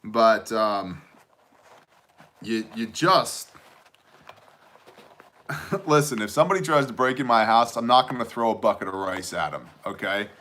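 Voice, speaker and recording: Male host, 30s, bright forceful tone, casual jokey livestream chat. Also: lowish voice, lively intonation, measured pace, pauses often. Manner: joking, conversational, reads chat aloud.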